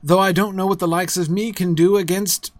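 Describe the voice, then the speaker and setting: A man's voice: sits high, steady tone, brisk, no room sound, studio quality, pitched above the performer's own voice, lightly acted. A man reading as a frightened innkeeper. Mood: alarmed. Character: frightened, loyal middle-aged male innkeeper.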